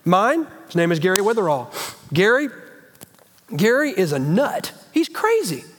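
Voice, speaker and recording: A middle-aged man preaching a sermon as a guest speaker, folksy and animated, often restarting his sentences. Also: high-pitched, measured pace, long reverb tail, slight background noise. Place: church sanctuary.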